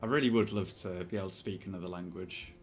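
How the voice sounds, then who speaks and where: A soft-spoken British man with a fairly low voice chats casually on a live stream and drifts from one tangent to the next. Faint music plays behind him. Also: fast. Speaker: Twitch streamer. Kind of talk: casual chat while streaming.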